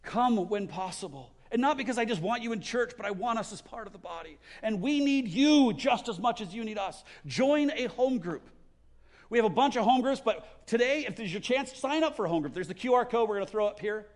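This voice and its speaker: A man's voice: high-pitched, expressive, a little fast. A man preaching a sermon as a pastor, earnest and exhorting, often repeating words as he goes, and leading a closing prayer. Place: church service.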